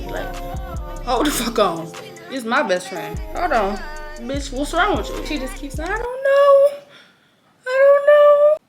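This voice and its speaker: A young woman in her early twenties tells a story to camera with a high voice that swoops all over. Her talk is loose, slangy and profane. Music plays clearly under her. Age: early 20s. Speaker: vlogger. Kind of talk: casual storytelling.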